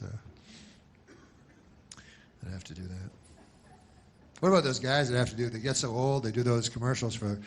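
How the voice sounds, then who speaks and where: A man doing a rambling, deadpan stand-up routine, full of pauses, restarts and asides. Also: mid-range voice, slight background noise. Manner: mocks a pushy announcer in loud bursts. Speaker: comedian.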